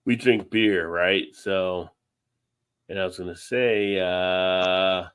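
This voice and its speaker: A man with a fairly low voice hosts a casual beer-drinking livestream. He rambles in a laid-back way and lets the odd swear word slip. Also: steady tone, slow, a bit bright, clean tone. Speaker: livestream host. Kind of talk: casual chat over beers.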